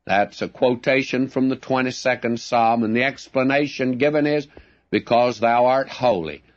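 A man's voice: mid-range voice, normal speed, no room sound, highs cut off. A man teaching verse by verse from the Bible in an earnest, plainspoken way, often calling his listeners friends.

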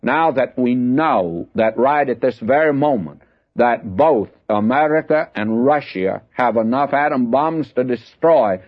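A man's voice: medium pitch, lively intonation, unhurried. An older man giving folksy radio Bible teaching, lifting his voice when he reads the verses. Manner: folksy, reads scripture with raised emphasis. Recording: dull lo-fi radio broadcast.

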